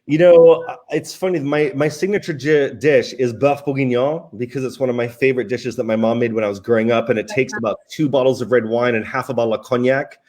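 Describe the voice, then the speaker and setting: A relaxed, chatty man telling stories as an interview guest over a video call. He talks at a medium pitch, with fillers and restarts. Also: a little fast, few pauses. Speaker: wine sales director, guest. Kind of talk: casual interview storytelling.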